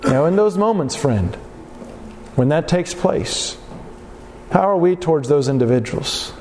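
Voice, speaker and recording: A man preaching a sermon in a church hall, animated and firing rhetorical questions at his congregation. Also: a little high, unhurried, slight background noise.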